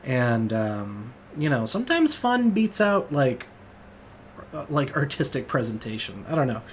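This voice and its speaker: A man's voice: medium pitch, very animated, measured pace, a little hiss or hum. A man hosting a casual music review monologue, rambling and enthusiastic, with lots of fillers and swearing. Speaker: music podcast host.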